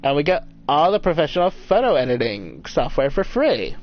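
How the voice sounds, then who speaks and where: A man voicing an eager young adult daughter heading off to college, chatty and excited. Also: fairly high pitch, moderate pace. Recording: dull lo-fi mic, faint music.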